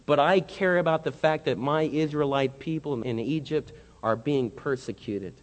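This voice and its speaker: A male pastor preaching a sermon in a church with impassioned delivery that swings between quiet and loud. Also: a little high, moderate pace. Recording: long hall reverb.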